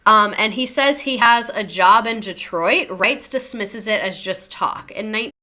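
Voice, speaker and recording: Bright-voiced young woman telling a true-crime story. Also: mid-range voice, measured pace. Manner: chatty, slangy, reacting to chat.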